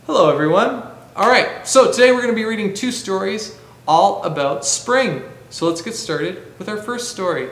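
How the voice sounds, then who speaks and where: A man hosting a library storytime, reading a picture book to children and asking them gentle questions. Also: sits high, animated, moderate pace. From Canada.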